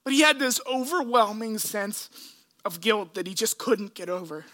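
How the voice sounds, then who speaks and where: A man preaching a sermon, retelling scripture in an earnest, emotional way with dramatic pauses. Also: high voice, lively intonation, pushed and bright. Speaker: pastor.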